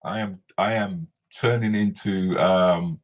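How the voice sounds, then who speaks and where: A man's voice: deep voice, steady tone, slow pace. A man hosting a casual live stream, chatting and laughing as he answers viewer comments.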